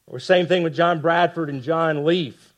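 A man preaching a sermon with passion, dropping to hushed lines for emphasis and tossing rhetorical asides to the congregation. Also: a little high, unhurried. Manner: impassioned, swings from loud emphasis to hushed lines. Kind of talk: expository sermon.

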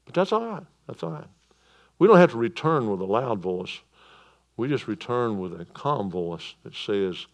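A man preaching a sermon in a church, moving between loud proclamation and quiet calm. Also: fairly low pitch, normal speed. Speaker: pastor.

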